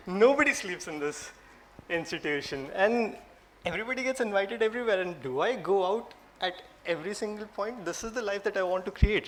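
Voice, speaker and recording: A man in his late twenties with an Indian English accent, giving a humorous, self-mocking motivational talk to new students and building to loud, emphatic lines. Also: high-pitched, a little hiss or hum. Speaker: speaker addressing new law students.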